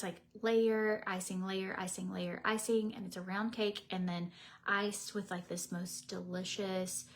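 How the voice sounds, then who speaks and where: A woman, chatting casually on a livestream, tired and teary, rambling with many fillers and restarts. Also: medium pitch. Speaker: makeup vlogger.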